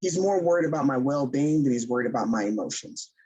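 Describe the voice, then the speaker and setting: A woman co-hosting a podcast, chatting candidly about her relationships with a relaxed, laughing manner. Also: very deep voice, quick pace, slightly rough, highs cut off. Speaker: podcast co-host. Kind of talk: casual chat.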